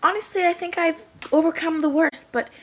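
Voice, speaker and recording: A woman's voice: extremely high pitch, steady tone, fairly quick, slight background noise, poor audio. A woman in a comic character monologue, rambling in a chatty, gossipy valley-girl way. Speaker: comedy sketch creator.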